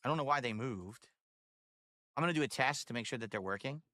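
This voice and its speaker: A man's voice: medium pitch, lively intonation, fast, pushed and bright, no echo, clean studio sound. A man ranting on a livestream in an aggrieved, profane way. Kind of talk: livestream rant.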